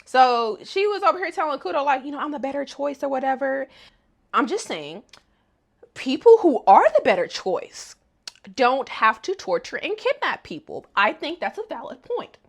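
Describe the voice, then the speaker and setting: A woman talks through an anime episode in a loose, slangy vlog voice, throwing sassy jabs at the characters. Her voice sits a little high and swings all over with lively expression. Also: moderate pace, vocal fry. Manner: animated, sassy, roasting the characters. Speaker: anime recap vlogger. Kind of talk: casual slangy episode recap.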